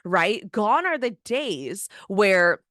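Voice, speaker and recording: A woman business coach talking in a casual, animated motivational monologue, often asking "right?". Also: mid-range voice, extremely slow, dry recording, clean studio sound. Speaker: business coach and podcast host.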